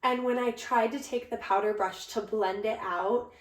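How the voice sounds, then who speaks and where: Chatty young woman in an echoey room. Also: moderate pace. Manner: animated storytelling, voices rising high when quoting herself. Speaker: podcast co-host, bride. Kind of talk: casual chat.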